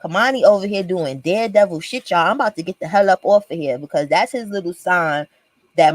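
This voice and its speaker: A woman's voice: fairly low pitch, fairly quick. A young woman hosting a casual commentary livestream from home, talking loosely and profanely to her viewers while her young child is nearby. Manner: profane, chatty, addresses viewers as y'all. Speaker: livestream host.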